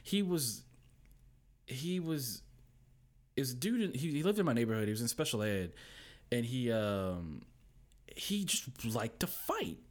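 A young man telling stories as a podcast guest, lively and quoting people in put-on voices. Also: medium pitch, measured pace, long pauses. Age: young adult. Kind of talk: casual storytelling chat.

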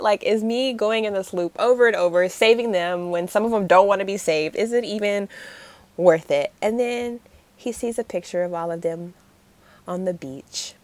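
A woman's voice: mid-range voice, normal speed, dry recording. A woman casually recapping a story, acting out the characters' lines with lots of laughter. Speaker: podcast co-host recapping a series. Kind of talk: casual chat.

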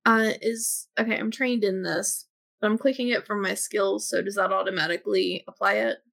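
Gravelly-voiced woman player. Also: medium pitch, steady tone, moderate pace, fairly bright tone. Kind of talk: casual tabletop game chat.

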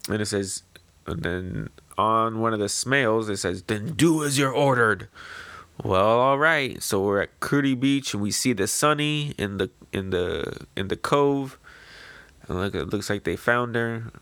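A man casually reviewing a manga chapter, rambling in a relaxed way. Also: fairly low pitch, measured pace, no room sound. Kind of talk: casual chat.

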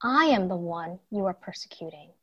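A woman's voice: fairly low pitch, expressive, moderate pace, bright, forceful tone, husky, dull audio, voice pushed down, heavily acted. A woman voicing the solemn heavenly voice of Jesus. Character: voice of Jesus from heaven, calm man.

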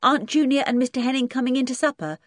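A woman's voice: high voice, rapid-fire, no echo, clean studio sound, voice pushed up, lightly acted. A woman reading an audiobook and voicing a fierce, stubborn tomboy girl who speaks defiantly. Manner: defiant, sulky.

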